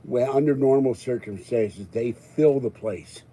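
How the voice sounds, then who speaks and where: A man's voice: medium pitch, unhurried, mellow, slightly rough, low-quality recording. An older man hosting a live stream, rambling to his chat and reading viewer comments, his voice rising in exasperation and then settling. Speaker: livestream host.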